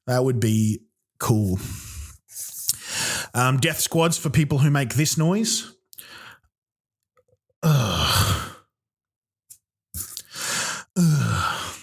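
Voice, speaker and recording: Aussie guy ranting on his comedy podcast, sweary, rambly, lots of ums, average pitch. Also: takes it slowly, pauses often. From Australia. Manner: profane, rambling, with many ums and restarts. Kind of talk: solo comedic rant.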